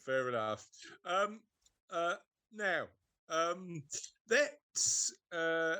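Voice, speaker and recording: A man's voice: fairly high pitch, animated, drawn-out words, pushed and bright, smooth, no room sound. A man co-hosting a podcast in casual chat, teasing and rambling with many fillers. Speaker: podcast co-host.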